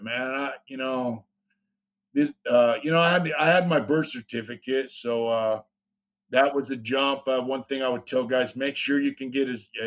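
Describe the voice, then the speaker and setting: Guy rambling thru his story, swears a lot, lots of you knows, kinda muffled audio. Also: mid-range voice. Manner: rambling, profane, many fillers. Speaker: interview guest. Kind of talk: casual storytelling.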